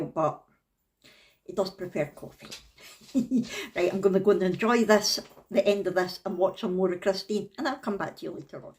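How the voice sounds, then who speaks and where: An older Scottish woman with a Glaswegian accent, chatting homely and unhurried at home and reading a story aloud. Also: medium pitch, a little mellow. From Scotland. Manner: chatty, homely, unhurried, drops into Scots words. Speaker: vlogger and storyteller. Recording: roomy, distant from the mic.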